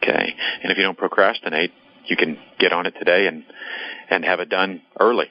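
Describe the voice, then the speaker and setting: Man, podcast host, very deep voice, conversational, dull recording. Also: fairly even intonation, brisk. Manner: conversational, with some stumbles and repeated words. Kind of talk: interview hosting.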